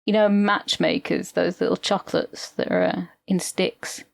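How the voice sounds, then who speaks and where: A woman's voice: fairly low pitch, moderate pace, gravelly, no echo. A woman co-hosting a podcast, rambling through anecdotes in casual chat. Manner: rambling, animated storytelling with mock impressions. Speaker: podcast co-host.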